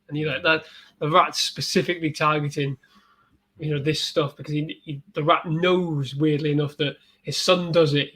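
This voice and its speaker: A man talking over a film as a podcast guest, animated and swearing freely. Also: on the high side, low-quality recording. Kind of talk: casual film discussion.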